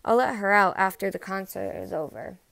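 A woman's voice: medium pitch, lively intonation, a little fast, vocal fry, a bit bright, dry recording. Woman reading an exasperated male conductor. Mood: impatient. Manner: stern, impatient. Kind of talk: storybook read-aloud.

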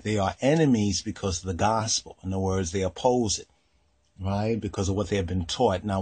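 A man giving a slow religious teaching on a Torah portion, pausing often, repeating words and checking in with "right?". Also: fairly low pitch, slightly rough. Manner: slow, searching, frequent "right?" and fillers.

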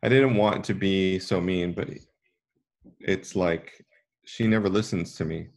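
Guy reading as a lost tree girl from a storybook, stubborn, deep gravelly voice. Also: measured pace. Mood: upset.

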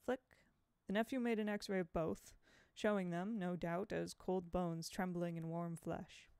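A woman reading a novel aloud in a measured, expressive way, close to the mic. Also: fairly low pitch, creaky, smooth, dry recording. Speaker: audiobook reader.

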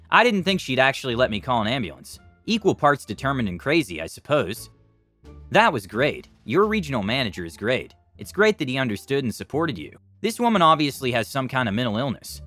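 A man narrating online stories in a scripted, expressive storytelling style. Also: mid-range voice, dry recording.

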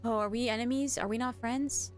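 A woman's voice: fairly high pitch, fairly even intonation, a little fast, faint music behind. A young woman streaming a video game, chatting with viewers in a giggly, casual way and reading notes aloud. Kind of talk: casual live-stream commentary.

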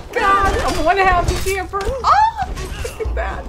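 An older woman streaming a video game, exclaiming and talking to herself as she plays. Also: extremely high pitch. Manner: exclamatory, gasping, talks to herself. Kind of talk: excited live gameplay commentary. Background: loud game music.

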